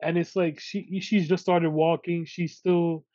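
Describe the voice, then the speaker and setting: Mellow New podcast host, muffled. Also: male voice, on the high side, a little slow, dry recording. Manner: relaxed, warm-hearted, uses street slang like bro and yo. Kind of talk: casual chat. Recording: slightly muffled lo-fi audio.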